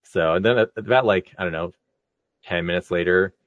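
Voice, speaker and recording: A man's voice: low voice, fairly quick, a bit bright, dry recording. A man telling a story in a casual podcast chat, laid-back and laughing as he goes. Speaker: podcast co-host.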